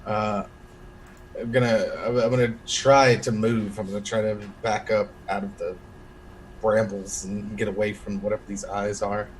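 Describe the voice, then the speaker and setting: A man's voice: on the low side, level tone, moderate pace, slight background noise, low-quality recording. A man playing a tabletop role-playing game, describing what his character does with hesitations and restarts. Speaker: player.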